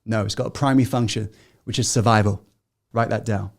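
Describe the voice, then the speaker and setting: A man giving a motivational masterclass to an audience, peppering them with questions and swinging between loud rallying and hushed intensity. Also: on the low side, steady tone, fairly quick, vocal fry. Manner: asks the audience constant questions. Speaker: self-help coach.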